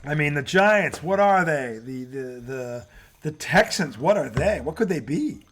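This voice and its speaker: A man co-hosting a sports talk show in loose, profane chat. His pitch sits a little high and swings widely as he gets worked up. He often trails off and starts his sentences over. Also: unhurried, slight background noise. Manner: animated, swearing freely, trails off and restarts.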